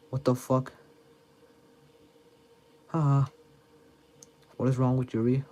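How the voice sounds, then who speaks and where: A man's voice: medium pitch, monotone, slow, long pauses, darkish tone. A tired young man doing casual let's play commentary, reacting bluntly and swearing often. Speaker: gamer.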